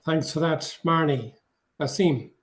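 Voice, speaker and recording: Male panel chair, brisk and polite, slightly high. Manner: brief, polite handovers. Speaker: chair of the discussion. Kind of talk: moderating an online panel.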